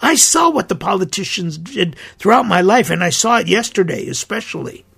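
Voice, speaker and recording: Gravelly, husky-voiced priest, impassioned. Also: male voice, high voice, very animated, normal speed, fairly bright tone. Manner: earnest and indignant, emphatic. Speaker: priest and podcast host. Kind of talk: impassioned podcast monologue.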